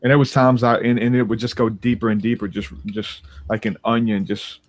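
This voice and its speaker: A man's voice: on the low side, little pitch movement, fairly quick. A man hosting a faith podcast, speaking earnestly and leading a healing prayer with repeated declarations. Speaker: podcast host and prayer minister.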